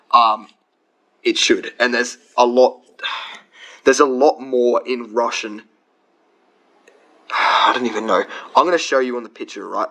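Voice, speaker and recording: A man's voice: medium pitch, fairly bright tone, rough recording. Chatty young man explaining grammar. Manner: chatty, rambling explanations with frequent restarts and fillers. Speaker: language learner explaining his notes. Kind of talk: casual explanatory lesson.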